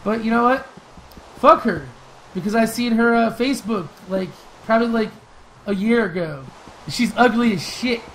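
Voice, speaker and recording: A young man hosting a gaming channel, telling stories and answering viewer questions in loose, profane, laughing chat that flares into excited shouts during fights. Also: extremely high pitch, moderate pace, a little hiss or hum, poor audio. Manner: loose, profane storytelling with frequent laughs and fillers. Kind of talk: casual gameplay commentary with viewer Q&A.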